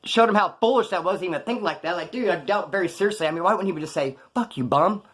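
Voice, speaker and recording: A middle-aged man rattles off stories from his past at a rapid clip, in a voice that sits a bit high for a man. He talks in loose street slang and drops into other people's voices when he quotes them, keeping it animated. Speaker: storyteller. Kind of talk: casual storytelling.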